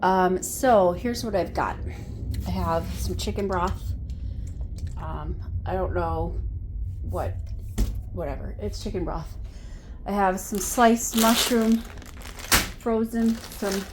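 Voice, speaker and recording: Home-cook vlogger woman, easygoing rambling chat in her kitchen, clear background noise. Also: mid-range voice, slow pace, long pauses. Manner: rambling, thinks aloud with fillers. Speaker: cooking vlogger. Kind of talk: casual cooking vlog chat.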